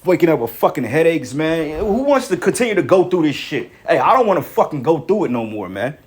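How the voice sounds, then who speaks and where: Angry ranting man, highish voice. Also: sing-song, a little fast, darkish tone. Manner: heated, repetitive, swearing, ends lines with "man". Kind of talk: angry profane rant.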